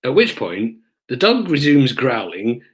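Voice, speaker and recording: A man's voice: medium pitch, unhurried. A middle-aged man, casually recounting police stories to camera with frequent ums. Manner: relaxed, hesitant with frequent ums, acts out voices in stories. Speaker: police officer recounting his career.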